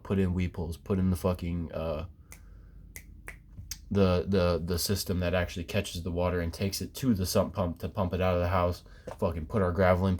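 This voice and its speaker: A man's voice: low voice, darkish tone, slight background noise. A man ranting casually about quitting his job, swearing constantly and rambling with fillers and restarts. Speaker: former basement waterproofing worker. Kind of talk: casual profane rant.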